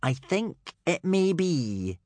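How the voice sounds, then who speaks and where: A man's voice: fairly high pitch, sing-song, a little mellow, dry recording, pitched above the performer's own voice. A man voicing a sulky, sly young Viking rival in an audiobook, drawling and grudging. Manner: slow, drawn-out and sulky.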